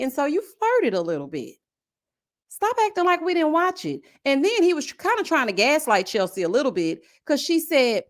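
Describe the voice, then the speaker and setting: A woman hosting a casual reality show recap livestream, chatty and sassy, reading viewer comments aloud. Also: a little high. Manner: acts out the cast's lines in exaggerated whiny voices.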